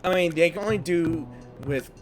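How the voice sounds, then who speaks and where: A man's voice: a little high, moderate pace. Man, gaming streamer, casual rambling commentary, headset mic, game music. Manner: rambling, chuckling asides.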